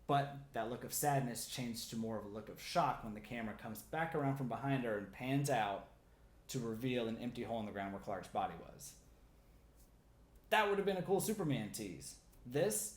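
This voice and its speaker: A man hosting a comic theory video, talking casually and excitedly with lots of "like" fillers. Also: mid-range voice, echoey room. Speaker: comic theory channel host.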